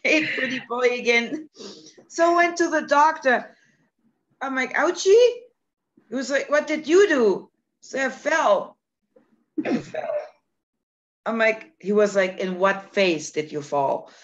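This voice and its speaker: A woman's voice: a little high, a little slow, long pauses. Woman telling a story, laughing a lot, dull lo-fi sound. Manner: animated storytelling, laughs often. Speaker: guest. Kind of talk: casual chat. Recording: dull lo-fi sound, faint noise.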